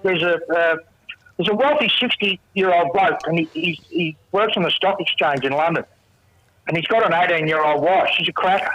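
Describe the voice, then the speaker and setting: A man's voice: on the high side, moderate pace, a bit bright, no room sound. Australian man on a muffled phone line. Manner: laid-back, rambling storyteller. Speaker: caller telling a joke. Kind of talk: casual joke-telling.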